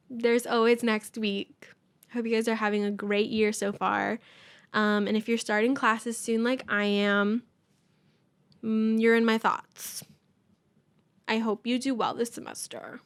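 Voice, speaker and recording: A woman's voice: fairly high pitch, smooth, no echo. A young woman hosting her own casual podcast, rambling, self-deprecating and swearing freely. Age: young adult. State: out of breath. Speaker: podcast host. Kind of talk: casual solo podcast chat. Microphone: camera mic.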